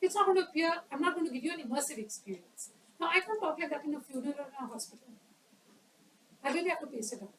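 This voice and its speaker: A woman's voice: high voice, animated, rapid-fire, fairly bright tone, recorded from a distance, a little hiss or hum, poor audio. A woman giving an educational talk on public speaking at a club meeting, quizzing the audience and acting out examples.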